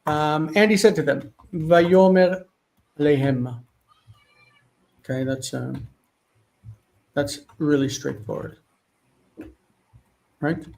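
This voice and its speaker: Guy teaching an online class at home, bit high voice, thinks out loud while checking stuff. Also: slow pace, gravelly, long pauses, rough recording. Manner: thinks aloud, checks references mid-sentence. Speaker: Hebrew teacher. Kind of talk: live online class, working through texts. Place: home studio with one light.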